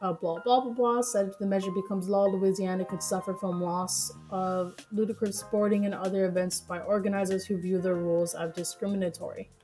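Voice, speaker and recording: A woman's voice: mid-range voice, steady tone, a little fast, few pauses, warm tone, faint music behind. Profane ranting woman streamer. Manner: profane, ranting, laughing, heated. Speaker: Twitch streamer reacting to news. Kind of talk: live-stream news commentary. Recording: choppy internet stream audio.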